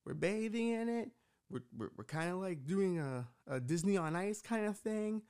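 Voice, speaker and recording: A man's voice: sits high, expressive, normal speed, a little mellow, clear, resonant tone. A young man with a New York accent, going on a rambling, profane comedic rant as a podcast host. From United States.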